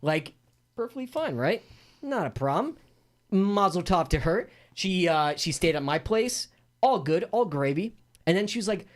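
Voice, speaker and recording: As a guest in an interview, a young man who fights MMA and works as an announcer tells a wild story at normal speed. His voice is high-pitched, and he narrates with animation, laughing and acting out the voices of the people involved.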